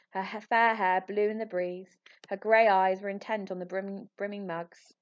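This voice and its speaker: Woman reading a children's storybook aloud. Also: mid-range voice. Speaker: narrator. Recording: slightly muffled audio.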